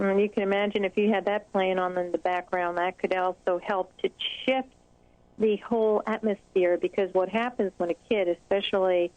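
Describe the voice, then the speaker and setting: A woman hosts a conversational interview, encouraging her guest and pausing often on fillers. The audio sounds muffled and bone dry, with no room around the voice. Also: mid-range voice, darkish tone, no echo. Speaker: interview host, child anxiety specialist.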